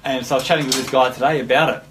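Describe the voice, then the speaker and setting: A middle-aged man talks to camera in a loose, rambling vlog, wandering from one story to the next. His voice sits at an ordinary male pitch, and he drops in the odd casual curse word. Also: steady tone, very fast, a bit bright, a little hiss or hum. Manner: rambling, chatty, swears casually. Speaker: drum teacher and drum school owner. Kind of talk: casual vlog, showing keepsakes.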